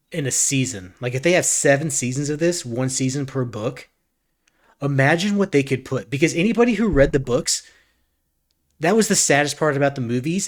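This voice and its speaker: A man streaming a reaction, talking casually in an earnest, rambling way with frequent restarts. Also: mid-range voice.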